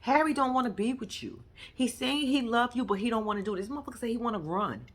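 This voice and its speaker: A woman's voice: a little high, fast. A woman giving a casual commentary recap of a reality TV episode, blunt and profane, acting out the people she quotes.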